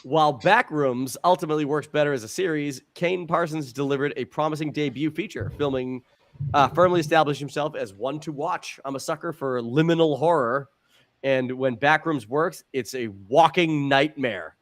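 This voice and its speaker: A man co-hosting a podcast, telling stories in a profane, animated way and stumbling over repeated words. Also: on the high side, moderate pace. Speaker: podcast co-host. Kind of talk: casual podcast chat.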